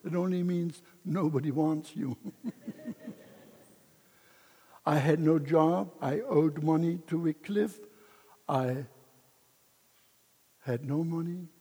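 A man's voice: fairly high pitch, slow, pauses often, dark tone, breathy edge, long reverb tail. An older man giving an emotional personal testimony as a missionary speaker, chuckling between lines.

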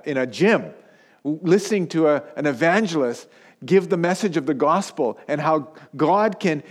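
A pastor in his fifties, originally from Pakistan, preaching a sermon in a relaxed storytelling way and often checking in with his listeners. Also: fairly high pitch. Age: 50s.

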